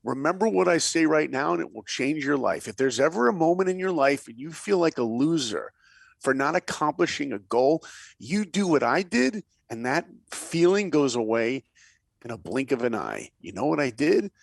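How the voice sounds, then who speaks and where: A man spins animated stories as an interview guest, his voice gravelly and swinging widely in pitch. He acts out the people in his anecdotes and sometimes drops to a whisper to drive a point home. The sound is dry and close. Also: moderate pace, no echo. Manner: lively storyteller, acts out quotes, drops to a whisper for emphasis. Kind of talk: animated storytelling in a podcast interview.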